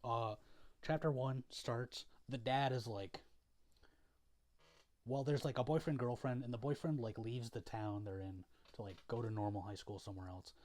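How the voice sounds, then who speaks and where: A man's voice: medium pitch, moderate pace, a little mellow. A young man casually recapping a story to camera in a rambling, profane way, full of fillers. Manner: rambling, profane, filler-heavy, laid-back. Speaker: video creator.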